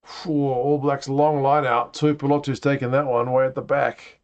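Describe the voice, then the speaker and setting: A man talks through a live rugby watch-along in a chatty, reactive way, turning to greet viewers between plays. His voice sits at an ordinary middle pitch for a man. The stream audio is dull and lo-fi. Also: little pitch movement, moderate pace, a little mellow. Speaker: livestream host. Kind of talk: casual watch-along commentary.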